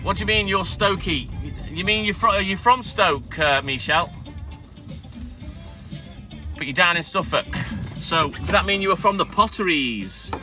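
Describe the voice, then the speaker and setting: A man's voice: high-pitched, animated, normal speed, music in the background. A middle-aged man, a self-employed milkman, chatting casually on a live stream during his night delivery round, greeting viewers and answering comments between stops. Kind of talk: casual live-stream chat while working.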